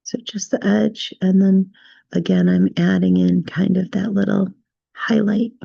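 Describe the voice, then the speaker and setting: A woman teaching a step-by-step drawing tutorial, gently talking through each stroke and checking in with "right?" as she goes. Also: medium pitch, level tone, measured pace, gravelly, slightly rough, no echo, muffled recording. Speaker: drawing instructor.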